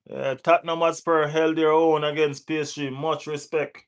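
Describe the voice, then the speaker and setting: A man with a West Indian accent hosting a live football watch-along, giving shout-outs to viewers in the chat, laughing and teasing rival fans. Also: a little high, smooth. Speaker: football channel host.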